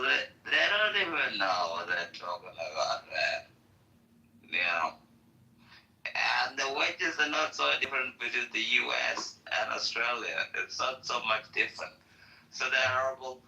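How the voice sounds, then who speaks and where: A man's voice: mid-range voice, expressive, measured pace, bright, forceful tone, echoey room, rough recording. A man ranting on a political talk show, heated and profane, often repeating himself. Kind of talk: casual political rant.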